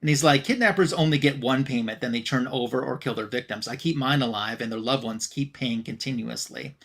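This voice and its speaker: A man's voice: mid-range voice, brisk, a bit bright. Casual man recapping a comic aloud. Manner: retelling a comic plot with loose quoted dialogue, many fillers. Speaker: podcast co-host.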